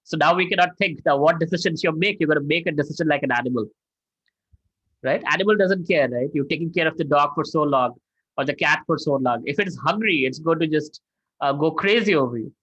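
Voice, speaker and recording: Man, middle-aged, fairly high voice, animated teaching tone, dull dry lo-fi audio. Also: brisk, slightly rough, dry recording. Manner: animated, acts out angry quotes, asks "right?". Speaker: spiritual mentor answering questions. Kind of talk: lecture-style Q&A.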